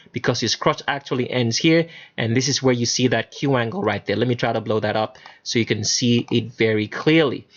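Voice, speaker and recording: A man's voice: mid-range voice, highs cut off. A man hosting his own channel, talking emphatically in a solo monologue over pictures, with many fillers and restarts. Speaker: channel host.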